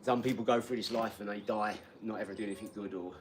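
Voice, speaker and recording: A man's voice: lowish voice, steady tone, quick pace, a little hiss or hum. Rambling man in his forties. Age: 40s. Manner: rambling, chatty, says 'do you know what I mean'. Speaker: livestream host. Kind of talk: casual chat, reading out viewer comments.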